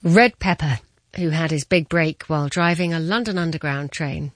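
Low female presenter, measured scripted news reading, dry studio sound. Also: dry recording.

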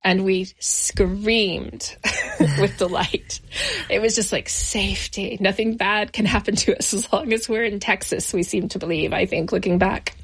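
A middle-aged woman as an interview guest, recounting her childhood in a reflective, measured way with slow pauses. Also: medium pitch, fairly even intonation, breathy edge. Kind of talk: personal memoir interview.

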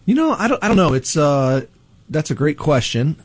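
A middle-aged man from Peoria, Illinois, a police chief talking through an interview in a relaxed way, with many ums and restarts. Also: on the high side, moderate pace, no echo. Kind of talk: casual interview.

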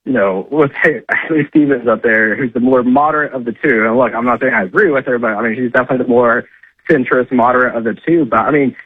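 A man's voice: mid-range voice, fast, husky, dry recording. A man calling in as a political correspondent, talking conversationally with many fillers. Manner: conversational, frequent "uh" and "I mean". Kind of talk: call-in political commentary. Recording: tinny phone line.

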